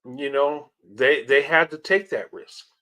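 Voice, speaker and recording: High-voiced man hosting earnest reactions. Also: steady tone, measured pace, bright, forceful tone. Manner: earnest and heartfelt, with frequent laughs and repetitions. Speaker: channel host reacting to clips. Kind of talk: reaction commentary.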